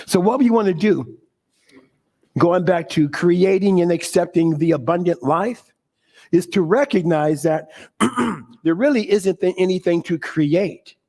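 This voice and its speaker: A middle-aged man giving an animated sermon to a congregation, laughing often and leaning on preacherly emphasis. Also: sits high, measured pace. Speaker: spiritual speaker.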